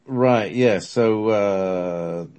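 A man's voice: lowish voice, drawn-out words, darkish tone. A man casually telling a story, rambling between thoughts with lots of fillers and restarts. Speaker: podcast storyteller.

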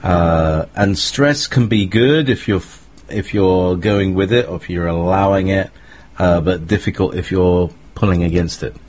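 A man's voice: low voice, a little slow, a little mellow. A man hosting a casual spiritual conversation, speaking reflectively and asking his guest questions.

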